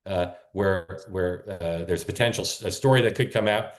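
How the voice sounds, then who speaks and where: Low-voiced rambling male show host. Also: normal speed, echoey room. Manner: rambling, self-correcting, chatty. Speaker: political talk show host. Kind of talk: casual live-stream talk.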